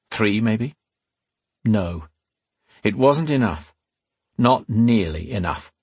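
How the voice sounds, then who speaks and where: A man reads a fantasy novel aloud at a measured, steady pace. His voice sits low with a husky grain. The recording is dry and close, with no room sound. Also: no room sound. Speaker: audiobook narrator. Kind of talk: scripted fantasy narration.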